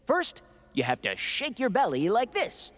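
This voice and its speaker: A man's voice: sits high, huge pitch swings, a little slow, fairly bright tone, long reverb tail, exaggerated voice. A man voicing a cheerful male cartoon robot helper who eagerly instructs and encourages in a sing-song way. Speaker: robot sidekick. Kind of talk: children's cartoon voice acting.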